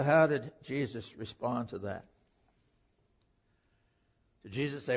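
A man preaching a sermon, emphatic, swinging between loud declaring and hushed, quiet passages. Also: medium pitch, slow, long pauses, breathy edge. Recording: dull lo-fi recording.

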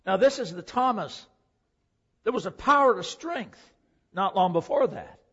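A man preaching a sermon, emphatic, swinging between loud declaring and hushed, quiet passages. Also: high voice, expressive, unhurried, slightly rough. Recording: dull lo-fi recording.

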